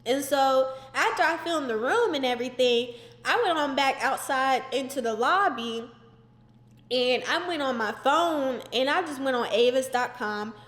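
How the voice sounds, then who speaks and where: A young woman telling an exasperated storytime in casual chat, animated and full of "like" fillers. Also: sits high. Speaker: vlogger. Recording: roomy echoey indoor recording.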